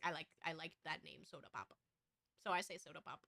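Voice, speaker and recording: A woman's voice: deep voice, fast, gravelly, sharp tone, a little hiss or hum. A woman streamer with an American West Coast accent, chatting casually and rambling. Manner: rambling, with frequent fillers and restarts. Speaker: VTuber streamer. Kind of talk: casual chat.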